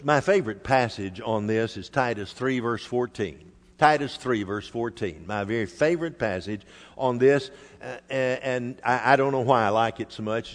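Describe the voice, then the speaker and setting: An older man preaching a sermon, measured and emphatic, sometimes dropping soft. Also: medium pitch. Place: church hall. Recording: reverberant hall.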